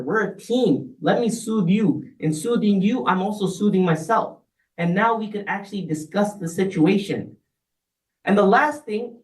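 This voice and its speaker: Male speaker with a high voice, heard from far off in a reverberant room, talking casually on marriage. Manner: conversational, often checks in with "right?". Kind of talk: community talk on marriage.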